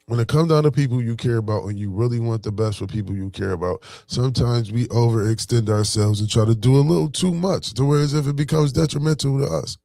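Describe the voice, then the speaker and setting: A man's voice: medium pitch, fast talker, creaky, few pauses, mellow, no echo, studio quality. A man from Buffalo with a Buffalo accent giving a casual motivational talk, slangy and full of "you know what I'm saying.". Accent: Buffalo, New York. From Buffalo, New York. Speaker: vlogger.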